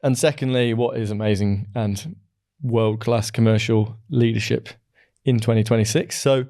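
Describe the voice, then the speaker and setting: A man's voice: medium pitch, fairly even intonation, moderate pace, dark tone. An English man hosting a podcast interview, upbeat, chatty and self-deprecating. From England. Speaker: podcast host.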